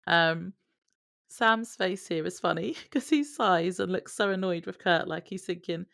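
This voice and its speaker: A woman's voice: fairly low pitch, measured pace, gravelly, a bit bright, no echo, clean studio sound. A woman co-hosting a casual podcast, laughing often as she recaps scenes. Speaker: podcast co-host. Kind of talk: casual chat recapping a TV episode.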